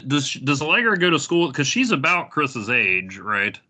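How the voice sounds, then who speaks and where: A man with a bright, forward voice chats on a comic-book podcast. He thinks aloud, often doubling words and restarting his sentences. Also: mid-range voice, sing-song. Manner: halting, repeats words as he thinks. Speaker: podcast panelist. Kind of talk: casual chat.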